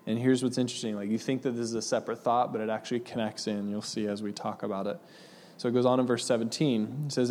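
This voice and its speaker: A man's voice: mid-range voice, quick pace. A man giving a casual sermon to a congregation, chatty and laid-back, joking and reading scripture aloud. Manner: relaxed, chatty, laughs easily with the congregation. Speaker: pastor. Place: church hall with audience. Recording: long hall reverb.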